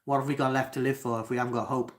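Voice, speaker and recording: A man's voice: medium pitch, level tone, very fast. A young man with a Cardiff accent, from Wales, hosting a live Q&A and reading out chat comments, talking hesitantly with lots of ums and restarts. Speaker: livestream host.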